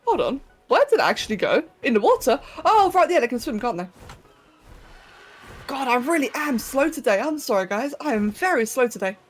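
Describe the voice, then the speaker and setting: A woman's voice: sits high, sing-song, a little fast, breathy edge, soft background music. A young British woman chatting casually with her viewers while playing a game, giggly and rambling, her throat a little sore. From Britain. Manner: chatty, giggly, talks to chat. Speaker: streamer. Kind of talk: casual live-stream chat while gaming.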